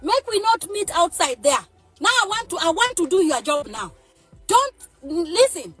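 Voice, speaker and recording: A woman's voice: very high-pitched, very animated, normal speed, a bit bright, faint music behind. A woman with a Nigerian accent, a mother ranting emotionally to camera in an agitated, threatening and pleading way. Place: parked car.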